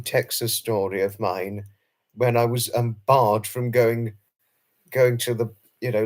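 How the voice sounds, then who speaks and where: British male streamer, casual live chat, rambling and self-conscious, average pitch. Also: a little mellow. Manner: chatty and rambling, with frequent fillers and self-conscious laughs. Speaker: livestream host. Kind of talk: casual live chat reading viewer comments.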